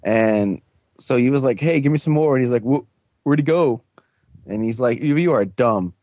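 A man's voice: expressive, darkish tone, no echo. A man casually recapping episodes on a podcast, rambling with lots of fillers and briefly putting on voices for the characters. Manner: rambling, frequent "like" and "um", puts on quick high voices for characters. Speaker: podcast host recapping a show.

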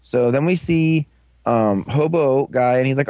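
A man in casual chat, rambling through an episode recap as a podcast co-host and often breaking into quick quoted voices. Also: mid-range voice, mellow, no room sound.

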